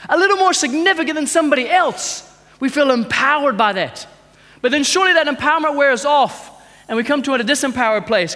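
A man preaching a sermon, asking rhetorical questions and swinging between loud urging and hushed intensity. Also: very high voice, quick pace, big-room sound.

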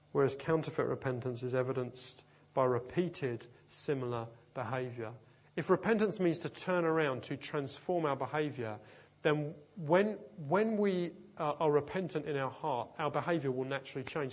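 A man delivers a sermon with lively emphasis, mixing earnest points with dry humorous asides to his listeners. His voice sits slightly on the high side for a man. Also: moderate pace. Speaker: pastor.

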